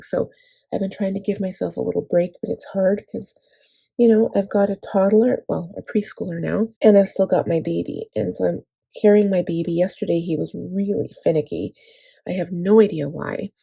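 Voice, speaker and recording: A tired woman in her thirties chats casually as a planner vlogger, wandering from thought to thought with plenty of fillers and restarts. Her voice is low, gravelly and husky, with a mellow tone. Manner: rambling, with many fillers and restarts. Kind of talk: casual chat.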